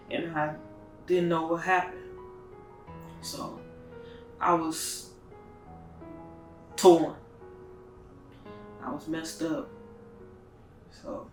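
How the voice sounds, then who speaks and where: A woman recounting a loss as a mother in a documentary interview, talking in a halting, soft-spoken way. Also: low voice, level tone. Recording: roomy sound from a distant mic with faint music.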